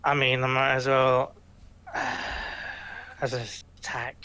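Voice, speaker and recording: A man's voice: medium pitch, monotone, takes it slowly, sharp tone, clean tone. A man playing in a tabletop game, offhand and unsure of the rules. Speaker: player.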